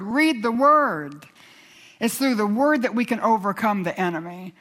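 Earnest woman preaching a sermon. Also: medium pitch. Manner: earnest, swings from hushed to rousing.

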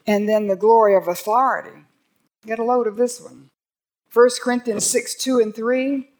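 A woman's voice: on the high side, fairly even intonation, moderate pace, darkish tone. An older woman teaching a sermon, earnest and growing emphatic when she reads scripture aloud. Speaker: Bible teacher.

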